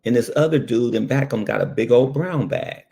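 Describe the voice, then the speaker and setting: A man's voice: mid-range voice, fairly quick, creaky. A man and former ambulance worker telling a personal story in a casual way, full of fillers and asides. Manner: animated, lots of fillers.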